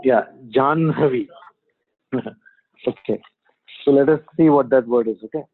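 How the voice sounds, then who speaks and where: A man teaches Sanskrit pronunciation in an online class, at an ordinary mid pitch. He sounds out letters one by one and keeps checking with questions. The audio is thin and narrow, like a phone call. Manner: patient, repeats sounds slowly, asks students questions.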